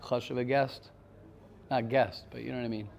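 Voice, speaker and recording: A man's voice: mid-range voice, fairly even intonation, moderate pace, vocal fry, darkish tone, a little hiss or hum. A man, teaching an informal Torah class in an earnest, emphatic way, repeating his points.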